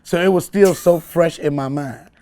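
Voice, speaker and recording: A man, a comedian telling a story in an interview, animated and laughing often as he acts out voices. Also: fairly high pitch, normal speed. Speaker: comedian guest.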